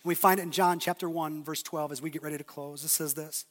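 A middle-aged male pastor preaching a sermon, swinging between loud emphatic lines and quiet, intimate asides. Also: a little high, fairly even intonation, quick pace. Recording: long reverb of a large hall.

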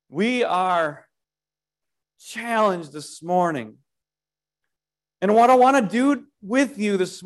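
A man with a high-pitched voice delivers a sermon at a slow, deliberate pace. He leans on his key words and speaks directly and playfully to his listeners, the way a pastor talks to his own congregation. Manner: emphatic, lingering on key words.

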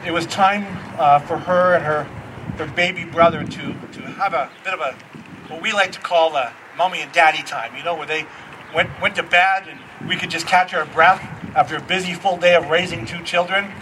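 A middle-aged man preaching a storytelling sermon as pastor, animated and acting out the voices in his stories. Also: fairly high pitch, moderate pace, distant mic, noisy background.

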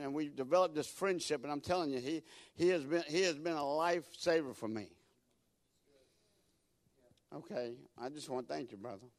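A guest preacher with a fairly high voice delivers a sermon full of folksy stories, repeating words as he builds toward loud, emphatic peaks. There's no room sound on the recording.

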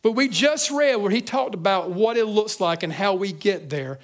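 A pastor preaching a sermon to his church, earnest, moving between hushed reflection and fervent emphasis with frequent restarts. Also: sits high, expressive, moderate pace. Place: church service.

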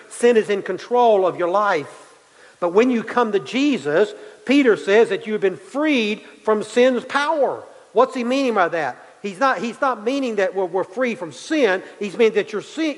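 A man's voice: high-pitched, in a large hall, low-quality recording. A man preaching a sermon, repeating his key points for emphasis and building in intensity. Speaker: pastor.

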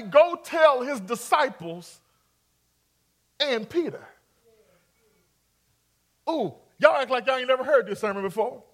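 A man's voice: very high-pitched, fairly bright tone. A man preaching a sermon, acting out scripture scenes and coaxing his congregation to respond. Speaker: pastor.

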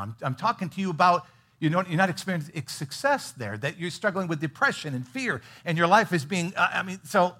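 A middle-aged pastor delivers a sermon in a husky, slightly breathy voice. He presses his points with sudden loud emphasis, then drops into hushed, intimate asides. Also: on the high side. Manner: earnest, swings from loud emphasis to quiet asides.

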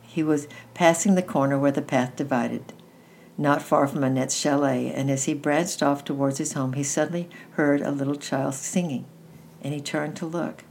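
Woman reading a kids' book aloud, really deep voice for a woman, gentle and unhurried. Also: steady tone, creaky, a little hiss or hum. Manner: gentle, unhurried, with small restarts. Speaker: storyteller.

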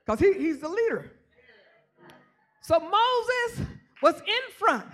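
A woman preacher giving a shouted, repetitive sermon in a church, calling out congregants by name and drawing responses. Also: very high voice, very animated, slow.

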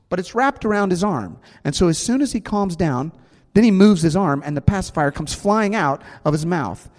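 A man in his thirties preaches to a congregation. His tone is relaxed and chatty, and he teases his listeners along the way. His voice sits a little high and carries a long reverb from a large church hall. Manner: conversational, joking with the congregation. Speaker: pastor. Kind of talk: sermon.

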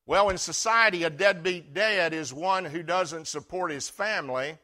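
A middle-aged male pastor preaching a folksy sermon, telling stories and swinging from loud emphasis to hushed tones. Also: high-pitched, normal speed.

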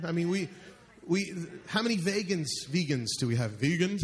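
Man, pastor, high voice, live church sermon, joking, asks the congregation questions. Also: a little fast.

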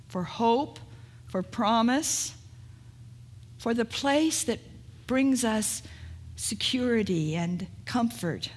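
A woman pastor preaching a sermon, retelling a story in an unhurried way and asking rhetorical questions. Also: on the high side, darkish tone.

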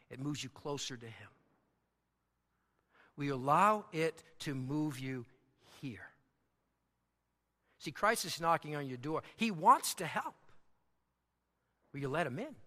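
Man, pastor, dynamic sermon, high voice, very bright and forceful tone. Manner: dynamic preaching, swells loud and high for emphasis. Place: church sanctuary. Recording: long hall reverb.

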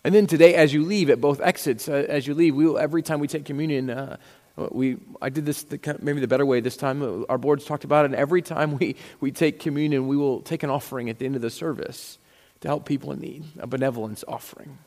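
A man's voice: on the high side, fast, darkish tone, long reverb tail. A man preaching a sermon as pastor, retelling a story and acting out the dialogue with frequent restarts.

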